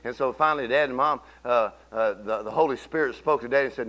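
A man preaching a sermon in church, telling folksy stories and swinging from low murmurs to shouted declarations. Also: quick pace, few pauses. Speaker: pastor.

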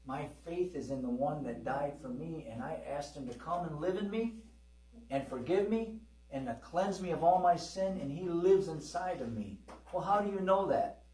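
A man's voice: fairly high pitch, expressive, normal speed, mellow. A middle-aged man delivers a sermon in a slightly raised voice. He speaks conversationally, telling stories and calling out to his congregation. The sound is echoey and distant, as if picked up from across a church hall. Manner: conversational storytelling, with calls to the congregation. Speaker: preacher. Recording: echoey hall, preacher away from the mic.

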